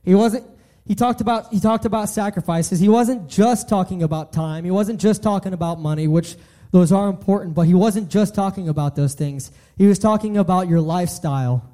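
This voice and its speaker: A man's voice: high voice, a little fast, warm tone. A young man giving an earnest sermon, often restarting and repeating his phrases. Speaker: preacher.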